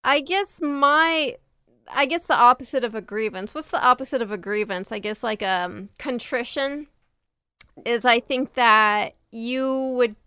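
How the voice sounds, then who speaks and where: A woman's voice: fairly high pitch, measured pace, sharp tone, smooth, no echo, studio quality. A woman hosting a podcast, chatting in a teasing, playful way and laughing often. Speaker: podcast host. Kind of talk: casual chat.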